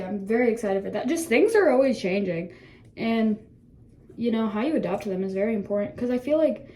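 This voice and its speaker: A seventeen-year-old vlogger talks casually to her phone camera in a bathroom, her mid-range voice a little mellow. She rambles and reflects, laughing often and swearing freely.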